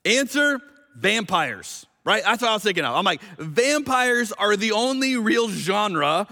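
A male pastor preaching a sermon in a conversational, animated way, reading scripture slowly and with emphasis. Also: high voice, gravelly, in a large hall.

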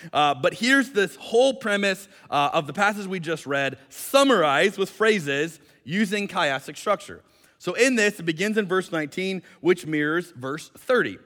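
High-voiced pastor in a reverberant hall. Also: male voice, a bit bright. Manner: conversational, explanatory, lightly joking. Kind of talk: sermon. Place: church sanctuary.

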